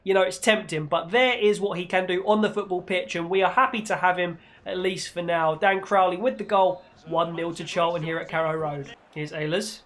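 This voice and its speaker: A man, hosting a gaming channel and giving playful, excitable football commentary over his own gameplay. He breaks into mock-commentator shouts when the action peaks. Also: high voice, brisk, hardly any pauses.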